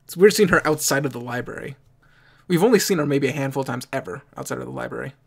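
A man's voice: medium pitch, fast, vocal fry, breathy edge. A young man hosting an anime reaction video, chatting casually and rambling, often restarting and correcting himself mid-sentence. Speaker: anime reaction channel host.

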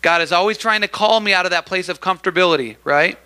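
Bright, high-voiced male preacher. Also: fast, clear, resonant tone. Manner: animated, acts out crowd voices, calls for amens. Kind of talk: sermon. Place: church.

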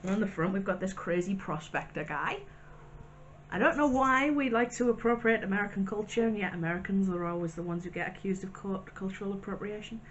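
In a casual vlog, a woman works her way through a pile of snacks, chatty and wry, tossing off dry little asides. She speaks briskly at an ordinary middle pitch, over a faint hiss with the highs cut off.

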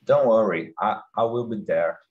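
A man's voice: lowish voice, moderate pace, muffled recording, natural voice. A man reading the part of a friendly young man in a hurry, hesitant and careful, in a classroom role-play. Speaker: student reading a dialogue.

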